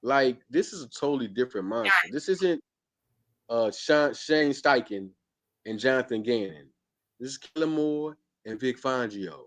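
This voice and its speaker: A man's voice: mid-range voice, animated, normal speed. A man hosting a sports podcast, arguing emphatically and repeating his points in casual speech. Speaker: podcast host.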